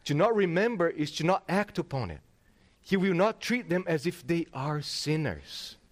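A middle-aged man preaching a sermon from the pulpit. His voice sits a little high and swings widely in pitch as he presses each point, with frequent restarts along the way. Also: moderate pace. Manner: animated, emphatic, with frequent restarts. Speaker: pastor.

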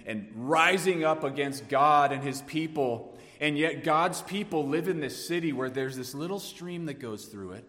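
A man preaching a sermon, swinging from hushed tones to emphatic rises. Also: mid-range voice, in a large hall. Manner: dynamic preaching, dropping to hushed tones then rising emphatically. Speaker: pastor.

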